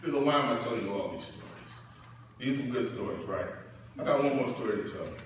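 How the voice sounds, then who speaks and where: A middle-aged man giving a parent's graduation speech, telling personal stories in a preacher-like way that swells loud and high as he builds up. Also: lively intonation, quick pace, a little hiss or hum. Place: large hall or church. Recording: echoey hall, distant mic.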